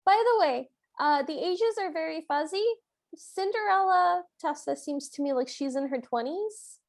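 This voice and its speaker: High-pitched woman chatting about a bad movie, wry and dry. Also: lively intonation, normal speed, gravelly. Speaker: podcast co-host. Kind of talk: casual movie recap chat.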